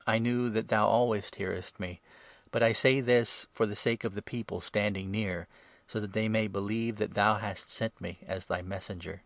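A man voicing Jesus as a calm, grave teacher, speaking in a measured, solemn way. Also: fairly low pitch, dry recording, natural voice. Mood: prayerful.

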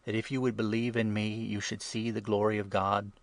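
A man voicing Jesus as a calm, grave teacher, speaking in a measured, solemn way. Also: lowish voice, no room sound, lightly acted.

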